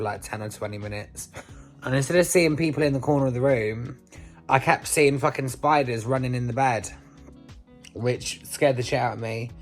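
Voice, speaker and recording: A man talks through his day as a casual home vlogger. He is chatty and loose, drops swear words freely, and fills his pauses with "um". Faint music plays behind him. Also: medium pitch. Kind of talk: casual vlog chat.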